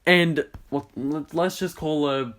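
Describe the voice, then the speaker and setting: A man's voice: fairly high pitch, fairly even intonation, slow, crowd noise. A man co-hosting a casual podcast, telling school stories with lots of laughter and self-mocking jokes. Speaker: podcast co-host. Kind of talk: casual storytelling chat.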